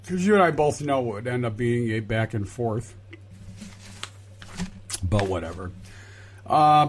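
Male co-host, mid-pitched, deliberate and wry, halting delivery, casual political banter. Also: darkish tone. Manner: deliberate, wry, mock-exasperated, halting with many uhs.

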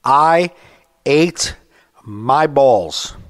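Comic in his thirties, mid-pitched, dry booth sound, lively war-story delivery. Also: drawn-out words, no room sound. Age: 30s. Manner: animated storyteller, acts out rants. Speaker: stand-up comedian, podcast co-host. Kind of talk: casual podcast chat.

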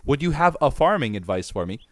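Lively, joking man at the mic. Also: medium pitch, fast, no echo. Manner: playful and joking, talks to viewers. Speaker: gaming channel host. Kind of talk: casual gameplay commentary.

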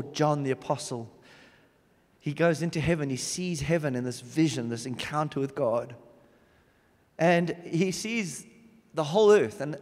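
A man preaching a sermon, swinging from loud emphatic bursts to hushed low drops. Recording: long reverb of a big hall.

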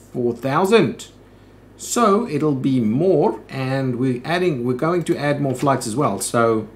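A man's voice: medium pitch, slight background noise. A man hosting a let's play, thinking aloud in casual commentary with frequent "ooh"s and "um"s.

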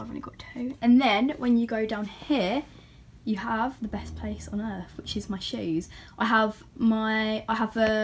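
A teenage girl giving a casual room tour, chatty and gushing, sometimes dropping to a soft near-whisper. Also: mid-range voice, a little hiss or hum. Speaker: vlogger. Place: bedroom at home.

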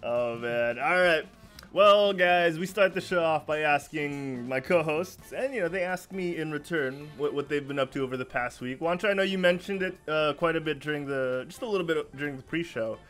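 A man hosting a casual geek podcast, laid-back and quick to laugh. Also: fairly high pitch, a bit bright, soft background music. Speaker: podcast host. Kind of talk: casual chat.

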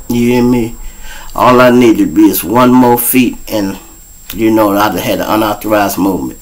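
A man's voice: medium pitch, low-quality recording. A man with a Chicago accent, hosting his own show and telling profane street stories in a casual way, acting out the other people's voices. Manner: animated storyteller, acts out voices, profane. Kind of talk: casual storytelling.

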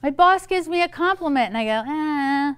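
A middle-aged woman psychologist giving a playful, lively talk on parenting to an audience, with quick asides. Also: very high voice. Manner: playful, quick asides, acts out quoted voices.

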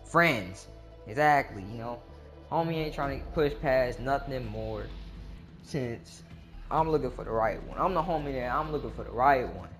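A young man telling a rambling comic story in slangy casual talk, stopping often to say "bro" and pumping himself up louder as he goes. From Gulfport, Mississippi, US South. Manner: hypes himself up, voice climbing loud and high.

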